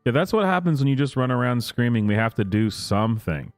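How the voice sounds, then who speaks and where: A man's voice: mid-range voice, moderate pace, hardly any pauses, no echo, studio quality, soft background music. A man hosting casual reaction commentary, sarcastic and mocking, laughing often. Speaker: commentary host.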